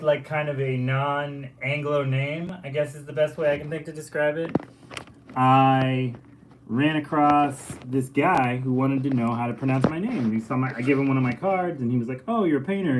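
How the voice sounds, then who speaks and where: A man, a painter, chatting casually to camera in a relaxed, rambling way with lots of filler words. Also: medium pitch, normal speed, noisy background. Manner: laid-back and rambling, full of filler words. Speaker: painter and muralist. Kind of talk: casual vlog storytelling.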